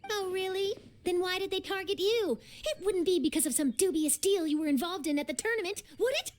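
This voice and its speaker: A woman's voice: very high-pitched, fairly quick, darkish tone. A woman voicing a pushy, inquisitive young journalist in a video game, probing and teasing with easy confidence.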